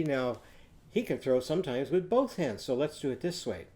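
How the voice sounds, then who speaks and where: A man teaching a children's reading lesson, telling a story in a gentle, patient way and leading slow songs to sing back. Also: mid-range voice, sing-song.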